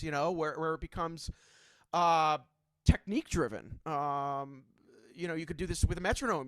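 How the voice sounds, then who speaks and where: A man's voice: fairly high pitch, fairly bright tone, no room sound. A man teaching a drum clinic in a casual, chatty way, checking in often with his students. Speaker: drum instructor.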